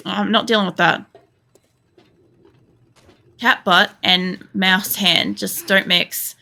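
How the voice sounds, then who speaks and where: A woman's voice: mid-range voice, steady tone, a little slow, gravelly, long pauses, bright, forceful tone. A woman chatting casually and swearing freely while streaming a game. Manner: rambling and sweary, lots of fillers. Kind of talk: casual chat while gaming.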